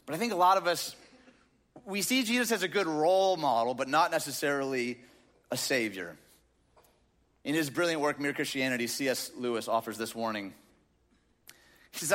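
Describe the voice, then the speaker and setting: A man's voice: on the high side, normal speed, long pauses, fairly bright tone. A man preaching a sermon in a casual, joking way, with lots of filler words, to a crowd in a large church auditorium. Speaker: pastor. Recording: long reverb of a large hall.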